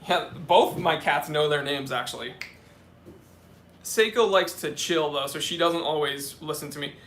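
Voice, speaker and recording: Bright-voiced man hosting a live Q&A. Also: on the high side, normal speed. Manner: chatty, answers questions off the cuff, talks to his cats. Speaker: watch channel host. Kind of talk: live-stream Q&A reading viewer comments.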